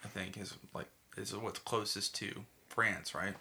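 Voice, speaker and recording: A man's voice: on the low side, steady tone, unhurried, pushed and bright, a little hiss or hum. A man from Texas chatting casually on a podcast, rambling with lots of restarts and filler words. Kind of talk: casual chat.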